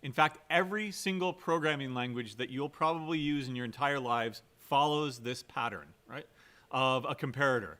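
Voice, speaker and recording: A man's voice: medium pitch, moderate pace, pushed and bright. A man giving a recorded programming lecture in a conversational way, often checking in with "right?" and stressing key words. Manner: conversational, keeps asking "right?"; fillers and restarts, emphatic. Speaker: computer science lecturer.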